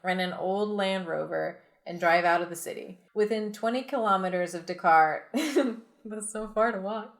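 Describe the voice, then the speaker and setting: A woman reads an adventure gamebook aloud on a podcast, with a casual, chatty delivery. She is giggly and often slips into laughter between lines, at a middling pitch. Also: normal speed. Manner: giggly, often breaks into laughter mid-reading. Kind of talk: casual read-aloud with banter.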